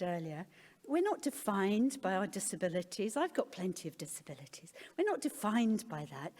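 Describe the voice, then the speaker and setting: A woman's voice: mid-range voice, darkish tone. A middle-aged woman giving a candid personal talk as a conference speaker, with wry self-deprecating humour. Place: conference hall. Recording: long reverb of a large hall.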